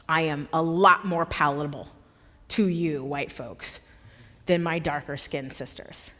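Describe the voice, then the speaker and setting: A woman giving an impassioned public talk as a guest speaker in a church, emphatic and forceful, repeating words for effect. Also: lowish voice, in a large hall. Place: church hall.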